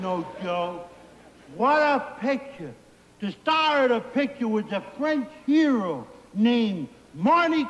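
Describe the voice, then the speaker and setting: A man's voice: high-pitched, lo-fi sound, exaggerated voice. An actor playing a goofy, simple-minded man who tells silly jokes in a giggly, sing-song way, from a 1960s TV comedy sketch. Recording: old broadcast with reverb and hiss.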